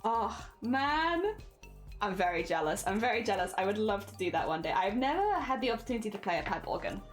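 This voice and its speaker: A woman's voice: mid-range voice, very animated, a little fast, soft background music. A woman livestreamer chatting casually with viewers while crafting, giggly and rambling, laughing often.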